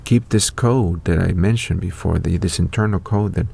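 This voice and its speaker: Man, low voice, dark mellow tone, rambling host monologue, lots of fillers. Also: normal speed, gravelly, breathy edge. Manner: rambling, with many fillers and restarts. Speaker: online show host. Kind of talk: casual spoken monologue.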